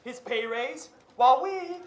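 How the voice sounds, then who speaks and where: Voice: sits high, animated, unhurried, poor audio. A student delivering a furious, swearing rant at an outdoor campus protest. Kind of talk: angry rally rant.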